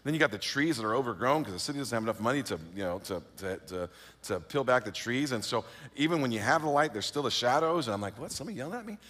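A middle-aged man from California telling a personal story in a lively, self-mocking way, full of fillers and restarts and acting out the voices he quotes. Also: medium pitch, quick pace. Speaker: speaker. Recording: long reverb of a large hall.

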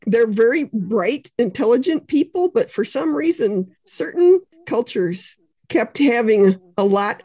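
Relaxed, husky woman explaining ideas. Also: on the high side, no room sound. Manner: explains ideas with examples, frequent "you know" and small laughs. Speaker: author and podcast guest. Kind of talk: conversational explanation.

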